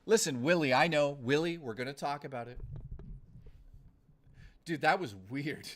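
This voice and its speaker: A man's voice: a little high, moderate pace, long pauses, a bit bright. A young man live-streaming in casual chat, ranting bluntly with lots of swearing and rambling restarts.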